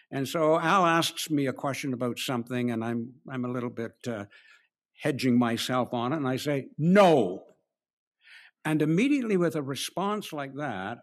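A man preaching an expository sermon, slowing down to stress key phrases and acting out the quoted lines. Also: mid-range voice. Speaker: pastor.

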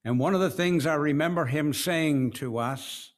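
A middle-aged man preaching a sermon, slow and deliberate, swinging between hushed and raised passages. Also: fairly high pitch, animated. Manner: slow, with dramatic swings between soft and loud.

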